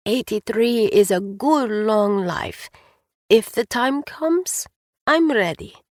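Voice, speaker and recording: A hoarse, frail old woman of 83, voiced by a woman narrating an audiobook. She speaks slowly and softly, calm and tender. The recording is close and dry, with no room sound. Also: fairly high pitch, no room sound. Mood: gentle. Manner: slow, soft and gentle. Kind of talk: audiobook character voice.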